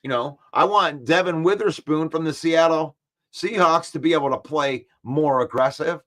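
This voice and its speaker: A man's voice: fairly high pitch, normal speed. Fired-up male sports talk host. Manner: reads viewer comments aloud and argues back, animated and defensive. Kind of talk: casual live-stream sports chat.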